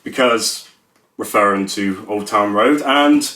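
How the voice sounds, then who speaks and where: A man's voice: lowish voice, slow, a crowd in the background. Jokey young man in echoey room. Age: young adult. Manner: jokey, rambling, self-mocking. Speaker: YouTuber. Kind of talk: casual vlog monologue.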